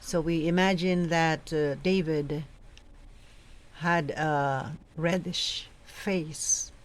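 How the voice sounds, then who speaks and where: A woman coaching church readers, giving slow, careful instructions and sounding out pronunciations. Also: deep voice, fairly even intonation, poor audio. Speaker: reading coach. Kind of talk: instructional talk on proclaiming scripture.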